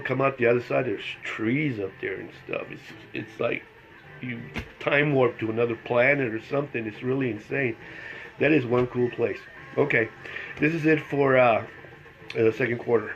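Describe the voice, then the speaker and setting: A man's voice: medium pitch, dull audio. A middle-aged man chatting casually as he tells a personal story, laughing along and acting out what people said. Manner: chatty, laughs through his story, acts out the dialogue. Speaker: vlogger telling a personal story. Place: at home with his dogs.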